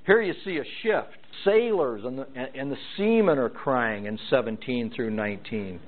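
A man's voice: mid-range voice, moderate pace. A man preaching a verse-by-verse Bible teaching sermon, stressing each item in a list as his voice rises and falls. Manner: emphatic, lists items with rising and falling stress. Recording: tinny phone-like sound.

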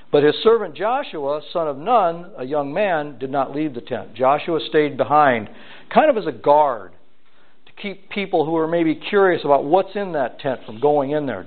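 Man preaching over tinny lo-fi audio. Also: fairly high pitch. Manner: reads scripture aloud then explains it plainly. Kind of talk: expository sermon.

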